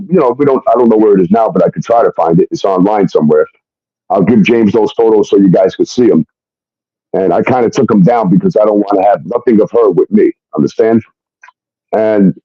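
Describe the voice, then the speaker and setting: A man's voice: on the low side, mellow, dry recording. A man telling a personal story in a casual, rambling way, blunt and full of fillers and swearing. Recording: muffled dry recording.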